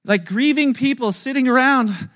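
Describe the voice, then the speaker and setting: High-voiced man preaching with lively storytelling. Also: moderate pace. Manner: lively storytelling, acting out scenes; chuckles while talking. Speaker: pastor. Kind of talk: sermon.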